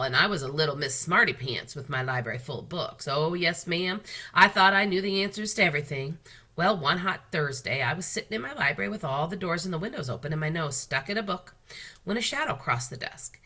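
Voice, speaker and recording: A woman's voice: lowish voice, pushed and bright. A woman doing a genteel old lady librarian, drawling. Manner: drawling, emphatic, repeats "yes, ma'am". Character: genteel elderly woman librarian, chatty, proud storyteller.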